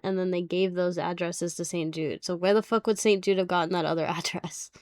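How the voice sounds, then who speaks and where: A woman's voice: on the low side, steady tone, brisk, no room sound, studio quality. A young adult woman streaming live as she reveals graded trading cards, chatting casually, bluntly and with plenty of swearing and laughter. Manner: blunt and profane, laughing easily. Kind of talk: casual livestream chat.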